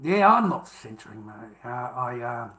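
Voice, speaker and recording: A man's voice: medium pitch, big pitch swings, unhurried, sharp tone, a little hiss or hum. A man with an Australian accent, ranting to his viewers with heavy swearing. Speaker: vlogger. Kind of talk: angry monologue to camera.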